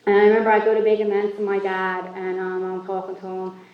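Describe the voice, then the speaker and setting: A woman's voice: medium pitch, monotone, fast. A woman speaking at a recovery meeting, telling her own story in a candid, self-mocking way. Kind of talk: personal recovery story talk. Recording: echoey hall, far from mic, muffled.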